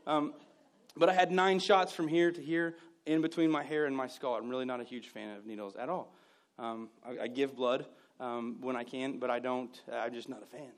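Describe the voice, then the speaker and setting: A man preaching a sermon, joking with the congregation and acting out scenes, swinging from loud outbursts to hushed asides. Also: mid-range voice. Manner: animated and joking, acts out scenes. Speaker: pastor.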